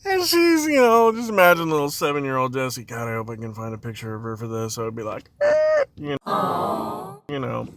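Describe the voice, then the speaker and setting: A dad tells a funny childhood story from the family in a casual, rambling way, laughing often and drifting into tangents. His mid-range voice is animated, brisk, and a bit bright, with no echo.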